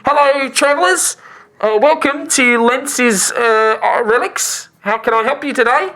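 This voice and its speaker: A woman's voice: sits high, unhurried, fairly bright tone, voice pushed up. A woman doing a chirpy, muffled relic trader. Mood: eager. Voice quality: muffled from inside a helmet. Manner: eager, chirpy, exclaiming "wowzers" and "crikey". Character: nervous male shell-armored relic trader.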